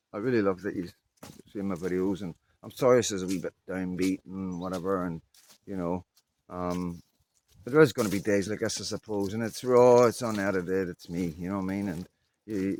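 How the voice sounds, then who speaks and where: A man's voice: low-pitched, a little hiss or hum. Rambling middle-aged man. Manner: rambling, loose talk full of "you know what I mean" fillers. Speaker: vlogger. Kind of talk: casual unscripted vlog chat.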